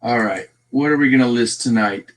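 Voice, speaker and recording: A Texan man hosts a casual livestream, chatting along and greeting viewers by name. He speaks in a mid-range voice at a moderate pace.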